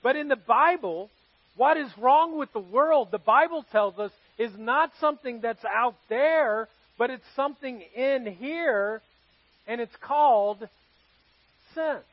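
A man's voice: very high-pitched, a little slow, no room sound, lo-fi sound. A man preaching a sermon to his congregation as pastor, telling stories in a conversational way and asking the audience questions. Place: church service with live congregation.

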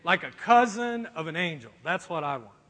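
A man preaching a sermon in an animated, joking way, acting out quotes as he goes. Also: on the high side, moderate pace. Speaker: pastor. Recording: long reverb of a large hall.

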